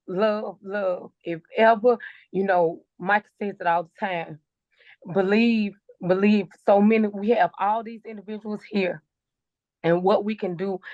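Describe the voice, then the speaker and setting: A woman's voice: medium pitch, darkish tone, dry recording. Woman co-host going all in, fervent and emphatic, dry dull call audio. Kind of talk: emotional testimonial on a group call.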